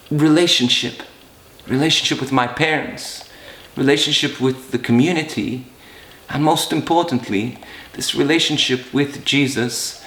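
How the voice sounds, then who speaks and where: A man's voice: mid-range voice, a bit bright. A middle-aged man and priest from Malta, giving an earnest, emotional personal testimony with frequent restarts. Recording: roomy echo.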